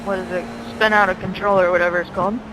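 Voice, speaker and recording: High-voiced chatty man, engine noise. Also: flat delivery, quick pace. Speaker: fellow racer on voice chat.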